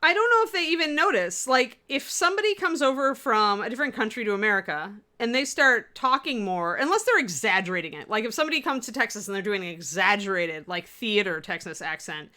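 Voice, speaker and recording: Her voice is fairly high, pushed and bright, and she talks fast and expressively with few pauses. As a co-host of a miniature painting livestream, she rambles chattily with plenty of fillers while replying to viewer comments.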